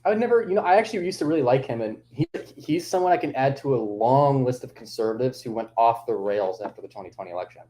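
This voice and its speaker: A man's voice: medium pitch, animated, quick pace, few pauses, dark tone. A young man guesting on a podcast, easygoing and chatty, peppering his talk with "like". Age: young adult. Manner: easygoing, filler-heavy with frequent "like". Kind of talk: casual chat.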